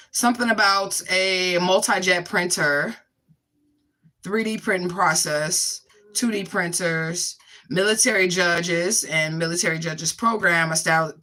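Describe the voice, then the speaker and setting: A woman's voice: fairly low pitch, bright, forceful tone. A woman giving a casual spiritual reading in a blunt, profane, emphatic way, repeating catchphrases for emphasis. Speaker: spiritual card reader.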